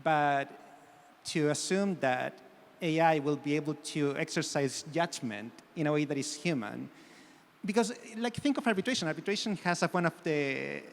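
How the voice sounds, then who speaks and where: A man with a fairly high voice talks through a point on a conference panel, hedging with frequent fillers and self-corrections. His voice carries a long reverb from the hall. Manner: hedging, many "you know" fillers. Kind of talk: panel discussion.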